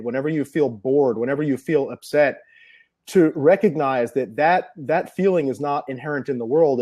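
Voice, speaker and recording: A man's voice: medium pitch, warm tone. A man being interviewed as an NLP trainer, explaining ideas earnestly and piling up examples.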